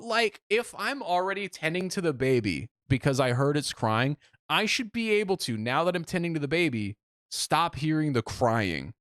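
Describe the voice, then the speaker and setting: A man in his twenties co-hosting a casual podcast, ranting and joking in an animated way. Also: fairly high pitch, no echo, clean studio sound. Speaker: podcast co-host. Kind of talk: casual chat.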